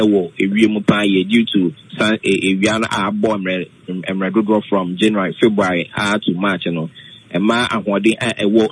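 A man explaining weather safety on the radio, halting, with many fillers, mixing English and Twi. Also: fairly low pitch, a little hiss or hum, rough recording. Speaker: weather forecaster guest.

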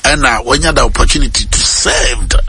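Guy preaching on a radio show, bright forceful voice, keeps repeating himself, mixes in english. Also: medium pitch, normal speed. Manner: lively preaching, repeats phrases, drops English words into talk. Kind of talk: radio sermon.

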